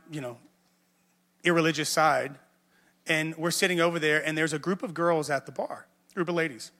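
A man's voice: fairly high pitch, sharp tone. A man, a pastor, telling a personal story in a conversational sermon, self-mocking and repeating words as he builds up. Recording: music under a long hall echo.

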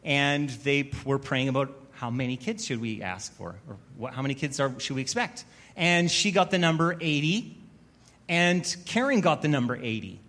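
A man preaching a sermon as pastor, telling a story with wry, self-mocking humor and building to louder, emphatic preaching. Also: medium pitch, lively intonation, normal speed.

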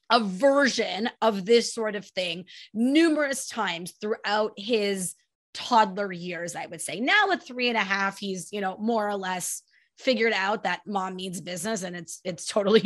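Chatty woman with a gravelly edge. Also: medium pitch. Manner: chatty, animated, acts out her toddler's voice. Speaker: podcast host, child sleep consultant. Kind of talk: casual solo podcast advice.

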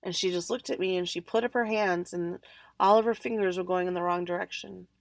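A woman hosting a podcast, telling a story in an animated way and acting out the other people's lines. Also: fairly low pitch, brisk, vocal fry, no room sound. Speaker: podcast host. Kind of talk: storytelling monologue.

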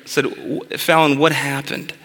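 A man's voice: a little high, level tone, moderate pace, bright, forceful tone, slight background noise. A man in his thirties preaching a sermon as pastor, mixing scripture with funny, conversational stories about his kids. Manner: conversational, humorous storytelling. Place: church sanctuary. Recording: long hall reverb.

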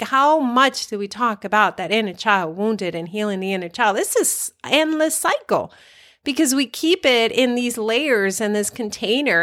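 A woman's voice: medium pitch, fairly bright tone. A woman hosting a spiritual podcast, talking in an earnest, emphatic way and repeating phrases for emphasis. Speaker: podcast host and spiritual coach. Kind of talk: inspirational podcast monologue.

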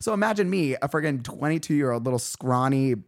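A young man in his twenties, hosting a podcast and telling a story in casual chat, acting out the quotes. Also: a little fast. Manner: animated storyteller, acts out quotes with big pitch jumps. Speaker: podcast host.

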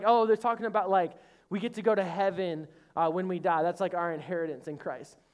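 A male pastor preaches in a relaxed, conversational way with a fairly high voice. He mixes earnest encouragement with light, joking asides. He draws the congregation in with direct calls to respond. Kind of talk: casual, conversational sermon.

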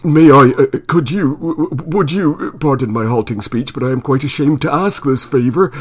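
A man's voice: mid-range voice, lively intonation, natural voice. A man voicing a shy young male actor from the countryside, with a rural English accent, who gushes and stammers. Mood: fawning. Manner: gushing, stammering, halting.

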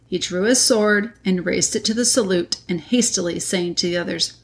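A woman reading a classic children's novel aloud in a measured, deliberate way. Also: on the low side. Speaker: reader. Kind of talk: audiobook narration.

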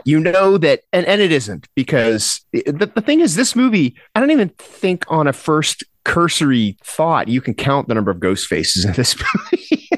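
A man hosts a casual horror movie podcast in a dry, close-miked voice, a little higher than most. His delivery swings widely and he breaks into laughs and restarts sentences as he gets excited. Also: normal speed, dry recording. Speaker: podcast host.

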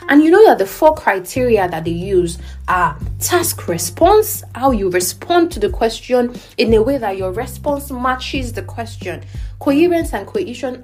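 A woman's voice: medium pitch, darkish tone. A woman teaching essay writing who thinks aloud as she edits her practice essay and keeps checking in with her learners.

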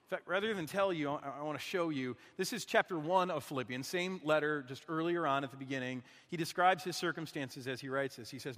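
A man's voice: on the high side, animated, a little fast, fairly bright tone, big-room sound. A man preaching a sermon in an earnest, conversational way, often asking his listeners questions. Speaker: guest preacher.

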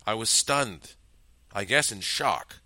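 A man narrating a first-person story in a lively, tense storytelling manner. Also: on the low side, slow pace, no echo.

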